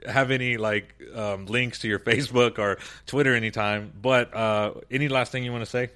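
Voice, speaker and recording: A man's voice: mid-range voice, fairly even intonation, normal speed, a bit bright, smooth. A man hosts a casual panel podcast in an easygoing, jokey way. His talk wanders and trips over itself as he restarts sentences and teases his guests. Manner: rambling, jokey, with many restarts. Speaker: podcast host.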